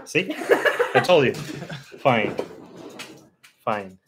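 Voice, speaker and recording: A man's voice: sing-song, extremely slow. Man chatting on a noisy live stream. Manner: laughing often, coaxing pets in a high voice. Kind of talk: casual live stream chat.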